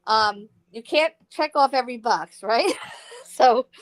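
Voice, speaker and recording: A woman joining a livestream chats casually and laughs between her sentences. Her voice sits a little high, and she talks in a loose, rambling way. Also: unhurried. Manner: chatty, laughing, with fillers. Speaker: guest caller. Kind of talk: casual chat.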